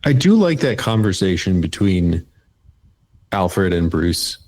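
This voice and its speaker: Low-voiced man giving short agreeing replies. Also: very animated, slow pace, darkish tone, slight background noise. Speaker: podcast co-host. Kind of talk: casual chat.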